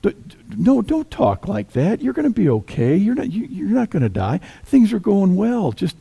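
Man doing flustered bold apostle, stammering and pleading, pitched high, gravelly edge. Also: huge pitch swings, normal speed, dark tone, highs cut off, heavily acted. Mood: anxious pleading.

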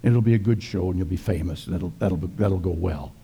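A man voicing a sly, smooth-talking devil who tempts and wheedles in a retold scripture story. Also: low-pitched, a little fast, mellow, pitched below the performer's own voice, full character voice. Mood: wheedling.

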